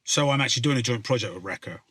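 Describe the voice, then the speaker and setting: A man's voice: medium pitch, lively intonation, very fast, fairly bright tone, husky. A male rapper with a Somerset West Country accent, talking casually to camera, rambling and swearing often with plenty of fillers. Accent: West Country English, Somerset. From South West England.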